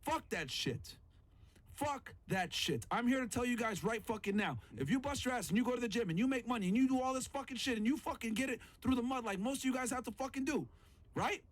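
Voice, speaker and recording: A man's voice: very high voice, quick pace, no echo. A man hosting a podcast, giving heated reaction commentary full of profanity and repeated phrases. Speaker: podcast host.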